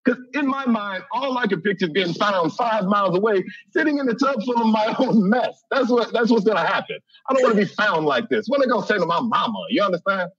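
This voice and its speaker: Animated, laughing man from Chicago. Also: high-pitched, fast talker, few pauses, husky, dry recording, dull audio. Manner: animated, laughs often, acts out voices. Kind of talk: humorous personal storytelling.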